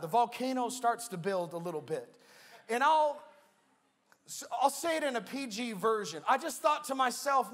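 A young male pastor preaching with an unusually high voice. He is playful and animated, and he acts out a comic story from his own life with plenty of energy. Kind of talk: sermon with humorous storytelling.

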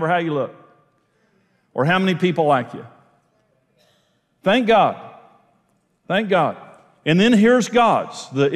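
A man's voice: sits high, in a large hall. A man preaching a sermon, earnest and emphatic, repeating phrases to drive points home. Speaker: pastor. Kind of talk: sermon teaching.

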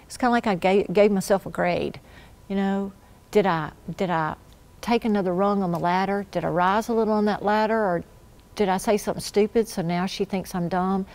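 A woman giving a personal faith testimony at church, telling her story earnestly and dropping to a hush when she quotes her prayers. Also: medium pitch, fairly quick.

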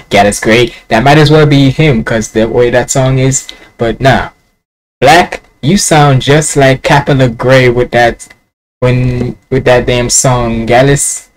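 A man's voice: mid-range voice, fairly even intonation, slow, rough recording. A man with a Jamaican accent hosting a casual music reaction video, rambling and musing aloud.

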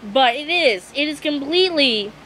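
High-voiced young woman ranting to camera. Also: animated, moderate pace, pushed and bright, slight background noise, poor audio. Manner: exasperated, swearing, apologetic. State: losing her voice. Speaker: vlogger. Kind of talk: ranting vlog monologue.

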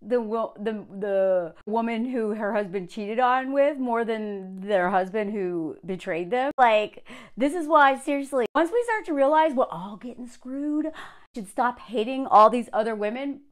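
A woman with a high voice gives sarcastic reaction commentary, breaking into laughter between asides. Her pitch swings widely as she mocks what she reads. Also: lively intonation, unhurried. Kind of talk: reaction commentary, reading aloud.

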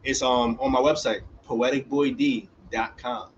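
A man's voice: mid-range voice, a little slow, lo-fi sound, slight background noise. A young man performing a dramatic spoken word poem that builds in intensity, then chatting casually about his work. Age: young adult. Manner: relaxed casual chat after the poem.

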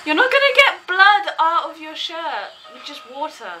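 A woman chatting casually and gushing excitedly as she reacts to a video at home. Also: extremely high pitch, normal speed, soft background music, low-quality recording. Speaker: reaction vlogger.

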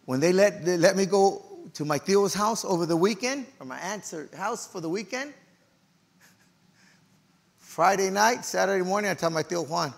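A middle-aged male pastor delivers a storytelling sermon in a church. His voice sits a little high, with a gravelly rasp. His pitch ranges widely and he often bursts out loudly. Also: a little fast, in a large hall. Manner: emotional, animated storytelling with loud outbursts.

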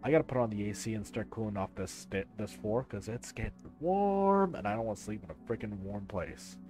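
A man hosting his own live stream, talking in an animated, chatty way with casual swearing. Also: lowish voice, fairly quick, faint music behind.

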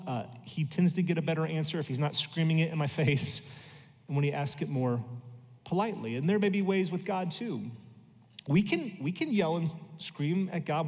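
An American pastor in his thirties delivers a sermon, telling homey stories with quick, lively asides. His voice sits fairly high for a man. The sound rings with the long reverb of a church hall. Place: church sanctuary.

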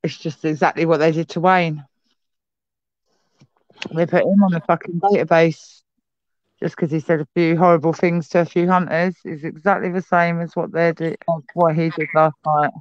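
A woman chatting on a live stream as co-host, with low-key, dry replies. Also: fairly even intonation, moderate pace, dry recording. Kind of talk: casual chat on a live stream. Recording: dull lo-fi audio.

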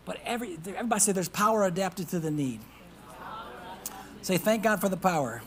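A man preaching a sermon as pastor. He reads scripture aloud, calls out to the congregation for responses, and swings from hushed whispers to loud emphasis. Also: high voice, expressive, fairly quick, low-quality recording. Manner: reads scripture in old-fashioned wording.

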